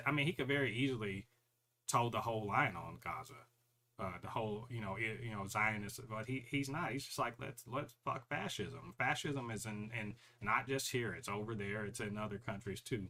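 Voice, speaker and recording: A man co-hosting a podcast, talking in a loose, animated rant full of profanity and mocking impressions of other people. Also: lowish voice. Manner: animated, profane, mocks others in put-on voices. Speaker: podcast co-host. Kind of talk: casual chat.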